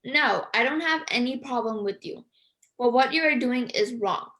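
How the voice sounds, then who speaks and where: A woman's voice: on the high side, expressive, normal speed, fairly bright tone. A woman reading aloud as a schoolgirl who stands up to bullies, polite but firm.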